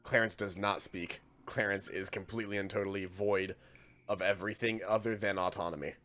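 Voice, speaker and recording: A man's voice: lowish voice, fairly even intonation, fairly quick, sharp tone, slight background noise. Joking man running a dungeon game. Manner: joking, laughs often. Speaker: dungeon master. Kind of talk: running a tabletop game session.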